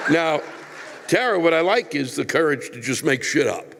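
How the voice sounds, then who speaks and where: A man's voice: on the high side, animated, moderate pace, a bit bright, in a large hall. An older man, a comedian, ranting with profanity and exasperated outbursts while answering a viewer letter.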